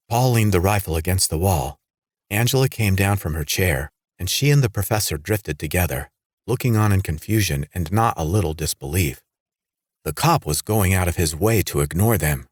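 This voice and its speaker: A man reading a horror audiobook in steady scripted narration. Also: sits low, normal speed, dry recording, clean studio sound.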